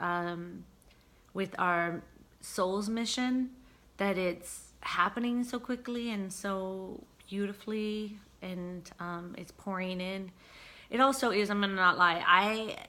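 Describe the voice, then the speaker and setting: A woman vlogger talking casually about spiritual healing, earnest and searching, with frequent pauses and fillers. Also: mid-range voice, pushed and bright.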